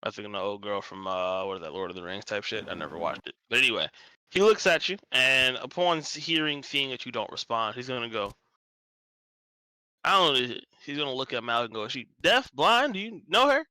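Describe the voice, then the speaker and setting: Bright, dry-voiced male game master. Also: fairly low pitch, fast talker, clean tone, no room sound, poor audio. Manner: rambling, casual, self-correcting. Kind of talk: narrating a tabletop game stream.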